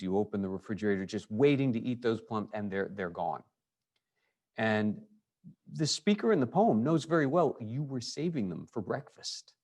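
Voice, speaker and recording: A man teaching a high school English lesson, talking in a loose, conversational way with frequent fillers and restarts. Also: darkish tone. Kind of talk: recorded lecture.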